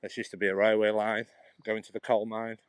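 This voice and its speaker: Strolling a cycle path beside a road, a man from England chats with his livestream viewers and responds to their comments, speaking into a phone over passing traffic. His low-sitting voice is flat and fairly quick, captured in a dry recording.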